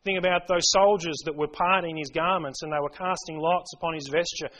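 A man delivers a sermon in a fairly high voice. He speaks earnestly, pressing his points with mounting emphasis and quoting scripture along the way. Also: fairly even intonation, brisk, a bit bright, low-quality recording. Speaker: preacher.

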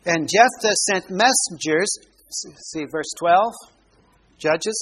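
A man's voice: high voice, slow, a bit bright, slightly rough. A man preaching a Bible sermon, explaining verses and asking his listeners questions. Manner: explanatory, asks the congregation questions. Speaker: pastor.

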